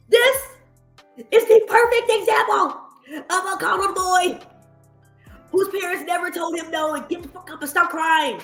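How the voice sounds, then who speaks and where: A woman giving blunt, profane reaction commentary, animated and mocking. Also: extremely high pitch, measured pace, roomy sound, faint music behind. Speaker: streamer commentator.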